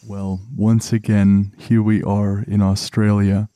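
A man hosting a relaxation podcast, speaking in a slow, calm, soothing way to help listeners unwind. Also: on the low side, dry recording. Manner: soft, soothing, deliberate delivery. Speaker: podcast host.

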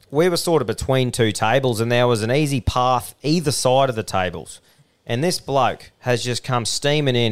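A man's voice: medium pitch, smooth. A young man with an Australian accent, co-hosting a podcast and telling blunt, sweary yarns in casual banter. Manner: blunt, sweary, laid-back yarn-spinning. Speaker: podcast co-host.

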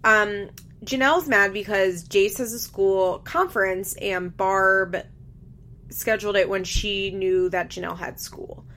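A woman's voice: medium pitch, unhurried, fairly bright tone. A young woman chatting casually as she recaps a reality show, candid, laughing often and swearing freely. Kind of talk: casual chat.

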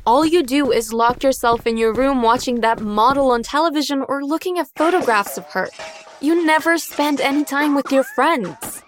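A woman's voice: high-pitched, normal speed, slight background noise, natural voice. A woman playing a worried, pleading mom. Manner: pleading, gently insistent. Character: worried caring mother of a teen.

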